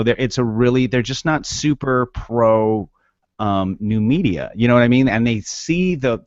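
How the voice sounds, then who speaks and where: Male co-host, lowish voice, rambling, dry lo-fi sound. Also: no room sound. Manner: rambling, hesitant, many fillers and restarts. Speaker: podcast co-host. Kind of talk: casual podcast chat.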